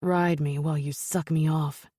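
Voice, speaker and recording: A woman narrator voicing a commanding, possessive male mafia lover in an audiobook, speaking in a low growl and purr. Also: fairly even intonation, normal speed, mellow, no room sound, clean studio sound. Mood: husky, commanding.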